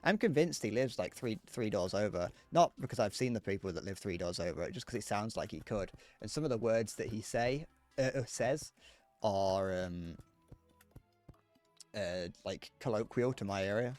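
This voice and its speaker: A man's voice: on the low side, lively intonation, normal speed, a little mellow, faint music behind. A man chatting casually on a live stream while gaming, rambling, joking and answering chat messages.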